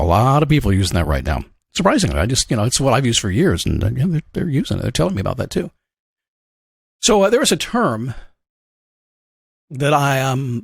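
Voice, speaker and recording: Lively, fast-talking motivational man. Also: medium pitch, slightly rough, no room sound, clean studio sound. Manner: energetic, conversational, acts out questions and a dog's thoughts. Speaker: motivational coach and podcast host. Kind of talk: upbeat motivational monologue.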